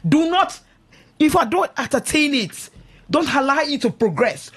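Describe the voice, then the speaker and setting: Exhorting her radio audience about marriage, this middle-aged Nigerian woman preaches emphatically from the studio, again and again asking "do you understand?". She speaks at a measured pace in a high voice with big swings in pitch.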